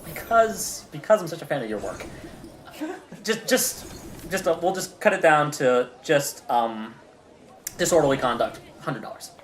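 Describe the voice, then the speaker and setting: A man's voice: a little high, expressive, unhurried, slight background noise. A man voicing a fawning male police officer in a tabletop game, gushing and apologetic, recorded in a roomy space. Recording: roomy echo.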